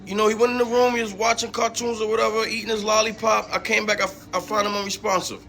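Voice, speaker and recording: A man's voice: high voice, little pitch movement, quick pace, pushed and bright. Man quoting a panicked young mother. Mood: pleading.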